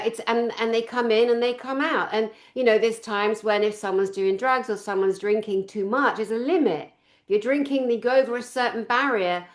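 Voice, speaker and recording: A woman hosts a relaxed conversation and speaks her mind without softening it. Her voice sits slightly high. She teases her guest plainly. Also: roomy sound. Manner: blunt, outspoken and teasing. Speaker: podcast host. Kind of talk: casual opinionated chat.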